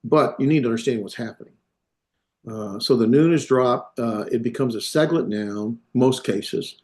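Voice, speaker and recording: Male instructor, mid pitch, halting delivery full of fillers, classroom lecture. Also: a little mellow. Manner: halting, many fillers and self-corrections.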